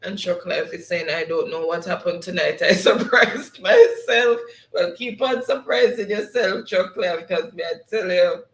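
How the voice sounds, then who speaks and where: Jamaican man, host, fairly high voice, reads chat comments, laughs a lot, echoey room. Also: moderate pace, few pauses. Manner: laughs often, reads comments aloud in patois. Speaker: show host. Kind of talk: casual live-stream chat, reading viewer comments.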